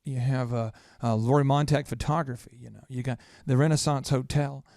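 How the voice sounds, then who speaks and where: A man hosting a podcast, telling a story in a quick, animated, self-mocking way. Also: medium pitch, no room sound, clean studio sound. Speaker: podcast host. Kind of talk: storytelling in casual chat.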